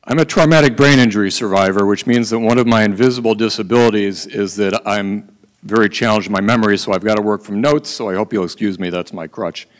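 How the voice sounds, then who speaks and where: A middle-aged man giving a prepared conference talk, who sometimes breaks into fast auctioneer-style patter. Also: lowish voice, in a large hall, poor audio. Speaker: conference speaker. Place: conference hall.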